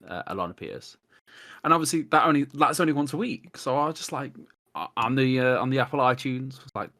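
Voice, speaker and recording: A man talking as a guest on a casual podcast, telling long rambling stories and acting out what people said. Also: mid-range voice. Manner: rambling, animated storyteller who acts out quotes.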